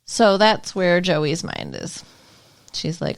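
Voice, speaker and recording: A woman's voice: on the low side, wildly swooping pitch, slow, gravelly, no room sound, clean studio sound. A woman co-hosting a podcast in casual recap chat, laughing a lot and teasing her partner. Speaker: podcast co-host.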